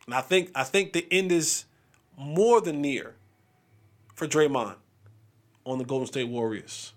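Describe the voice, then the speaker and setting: Animated high-voiced sports podcast man. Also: a little slow, pauses often. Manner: animated, joking, restarts often. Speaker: podcast host. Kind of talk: casual sports talk.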